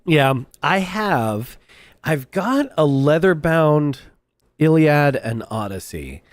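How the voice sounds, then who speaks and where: A man's voice: fairly high pitch, sing-song, takes it slowly, no echo, clean studio sound. A man hosting a live stream in casual chat, rambling, restarting his sentences and laughing often. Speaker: streamer host.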